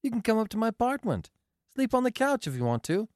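A man voicing a brisk, teasing young woman in an audiobook reading, quick and demanding. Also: sits high, huge pitch swings, darkish tone, no room sound, clean studio sound, pitched above the performer's own voice. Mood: pert. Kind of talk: audiobook character voice.

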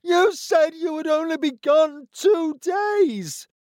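A man voicing an angry, sharp-tongued peasant wife who scolds and shouts at her husband. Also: extremely high pitch, wildly swooping pitch, slow pace, no echo, studio quality, voice pushed up, exaggerated voice. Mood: furious.

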